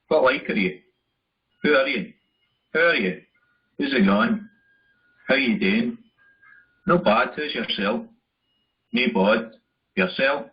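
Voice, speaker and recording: A man reading a list of phrases slowly and deliberately. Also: mid-range voice. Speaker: narrator of a language video. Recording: muffled video playback.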